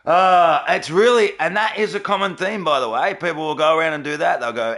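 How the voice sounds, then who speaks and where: A man's voice: a little high, a little fast, fairly bright tone. A man hosting his gaming channel, giving sarcastic, mocking gameplay commentary and laughing often.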